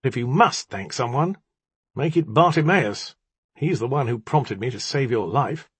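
A man reading an audiobook, voicing a defiant, sharp-tongued young woman with scornful, clipped retorts. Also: medium pitch, expressive, a little slow, slightly rough, no echo.

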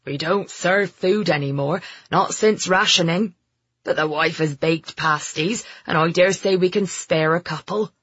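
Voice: medium pitch, measured pace, a bit bright, husky, dry recording, highs cut off. A narrator voicing a jovial older male pub landlord with a broad Somerset accent, in an audiobook. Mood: hearty. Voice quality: broad rural drawl, teasing. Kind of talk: audiobook character voice.

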